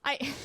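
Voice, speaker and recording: A woman's voice: very high voice, bright, forceful tone, dry recording, clean studio sound. A young Canadian woman with a Canadian accent, chatting casually with her live chat while streaming a game, laughing often and restarting sentences. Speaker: livestream gamer.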